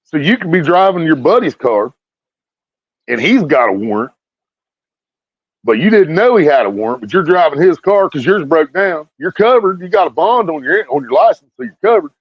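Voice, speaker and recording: A man with a somewhat high voice rants bluntly to his viewers and swears heavily. He repeats his phrases as he builds up heat. The recording sounds muffled, dry and lo-fi. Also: big pitch swings, moderate pace, dry recording. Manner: blunt, heated, repeats himself with lots of swearing. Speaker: video streamer. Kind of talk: profane ranting commentary to viewers.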